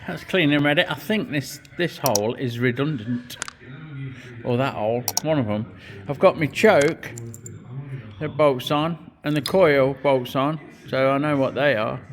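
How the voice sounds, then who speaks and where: A man's voice: medium pitch, a little slow. A middle-aged man, giving a muttered, swearing running commentary as he works in a cold workshop. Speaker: custom motorcycle builder.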